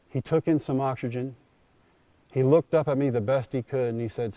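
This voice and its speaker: A man at mid pitch with a warm, mellow tone tells a personal story from the stage. He speaks in short punchy sentences with dramatic pauses, and his voice sounds close and dry. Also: dry recording. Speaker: keynote speaker. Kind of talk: storytelling speech. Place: school district convocation event.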